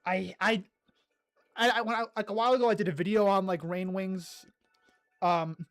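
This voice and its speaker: A chatty streamer rants about a favorite topic in a casual livestream. The delivery is excitable, full of stammered restarts and quick asides, in a mid-pitched voice. Quiet music plays faintly behind. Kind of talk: casual livestream chat reading comments.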